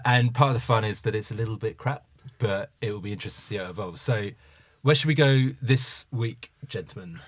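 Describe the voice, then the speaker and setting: A man hosting a podcast, explaining the game in brisk casual chat. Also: fairly low pitch, no echo. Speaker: podcast host.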